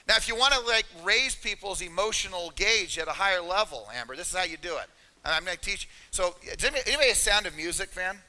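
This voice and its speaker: A middle-aged man giving an energetic, emphatic motivational talk at a seminar, speaking straight to his audience. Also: high voice. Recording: reverberant hall.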